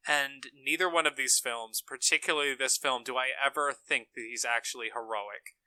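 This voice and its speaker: A male podcast co-host making his case with emphatic conviction. His voice is very bright and sharp, and it sounds dry and close with no room around it. He keeps a mid-range pitch. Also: normal speed, no echo, poor audio. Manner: emphatic, opinionated. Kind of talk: casual film discussion.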